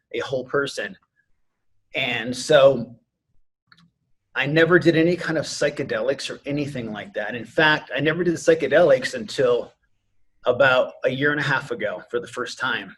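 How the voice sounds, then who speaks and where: A man's voice: mid-range voice, moderate pace, a bit bright, breathy edge. A man in his forties, a martial arts instructor and podcast guest, telling a personal story in an earnest, rambling way with lots of "you know" fillers.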